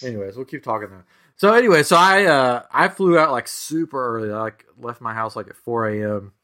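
Male podcast host, mid-pitched, chatty and rambling storyteller. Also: expressive, a little fast, sharp tone. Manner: rambling storytelling, full of "like" and restarts. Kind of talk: casual chat.

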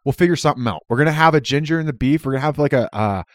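A man co-hosting a casual podcast, easygoing and quick to agree. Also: medium pitch, dry recording, studio quality. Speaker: podcast co-host. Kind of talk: casual chat.

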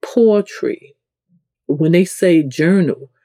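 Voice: slow, mellow, dry recording. A host with a New York accent giving a casual, rambling spiritual teaching talk, restarting sentences often. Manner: conversational, rambling, with frequent restarts; acts out quoted people with sudden pitch jumps.

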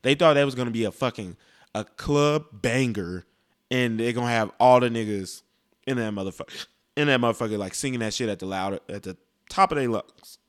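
A man's voice: mid-range voice, brisk. Blunt, profane young man ranting. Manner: blunt, profane, rambling with restarts. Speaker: music commentator. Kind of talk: casual opinionated rant.

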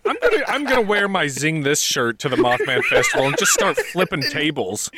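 A man co-hosting a podcast, joking in casual chat and laughing loudly. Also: a little high, huge pitch swings, a little fast, very noisy. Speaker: podcast co-host.

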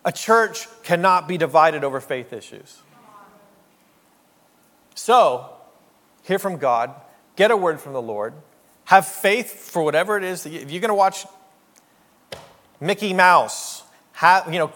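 Brief: male pastor, slightly high voice, wry and chatty, big reverberant church sound. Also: lively intonation, a little slow, pauses often, fairly bright tone. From Canada. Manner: joking, conversational, rhetorical asides. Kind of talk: sermon.

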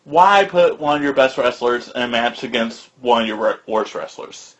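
A man's voice: mid-range voice, expressive, normal speed, a bit bright. Opinionated man, slightly dull lo-fi sound. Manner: opinionated, argues his points. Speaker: podcast co-host. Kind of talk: casual chat.

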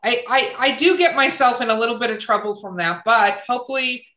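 Bright-voiced woman, roomy echo. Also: a little high, fairly quick, highs cut off. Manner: chatty, laughing, dark humor. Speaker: podcast guest author. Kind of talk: casual podcast chat.

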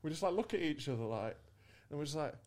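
A man's voice: fairly high pitch, fast. A man co-hosting a comedy podcast, telling a rambling, sweary anecdote and laughing as he goes. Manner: animated anecdote-telling, swears often, laughs mid-sentence. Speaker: podcast co-host. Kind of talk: casual storytelling chat.

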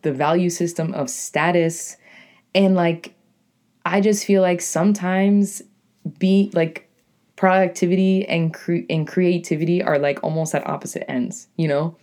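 A young woman with a deep, raspy voice and a New England accent, hosting her own podcast as a poet in a rambling, casual monologue full of "like" and "you know". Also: fairly even intonation, a little slow, darkish tone. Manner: rambling, lots of "like" and "you know", self-correcting.

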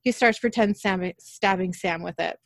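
A woman's voice: mid-range voice, normal speed, no room sound, clean studio sound. A woman recapping a TV episode in casual talk, reading out the characters' lines in her own voice. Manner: animated retelling, quoting characters in her own voice. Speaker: podcast host recapping an episode.

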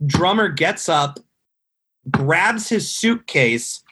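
A man with a slightly higher, husky voice tells a long, rambling tale in casual podcast chat. He swears freely and fills his talk with "like" and "you know.". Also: animated, extremely slow, pushed and bright. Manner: rambling storyteller, profane, many fillers. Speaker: guest telling a tour story.

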